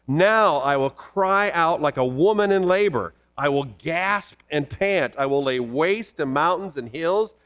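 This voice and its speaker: A man preaching a sermon, reading scripture passages aloud and commenting on them with animated emphasis. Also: a little high, unhurried, hardly any pauses. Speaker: pastor.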